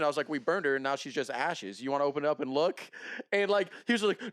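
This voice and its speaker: A man with a smooth, clear voice, recorded dry and close, chatting casually on a podcast. He tells stories with deadpan dark humor. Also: a little high, fast, no echo. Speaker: podcast co-host. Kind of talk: casual chat.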